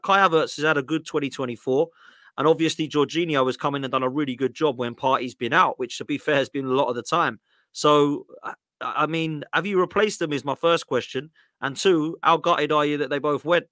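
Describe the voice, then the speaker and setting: Bright-voiced man hosting a podcast. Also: on the high side, fairly quick, no echo. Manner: agreeable, conversational, asks open questions. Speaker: podcast host. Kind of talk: casual podcast chat.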